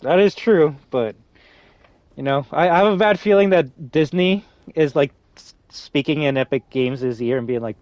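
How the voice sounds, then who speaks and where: In a dry recording, a man with a fairly high, slightly mellow voice streams a game and hosts a lobby, talking at a moderate pace. He chats casually with a friend and his viewers, rambling with lots of restarts and fillers and swearing freely.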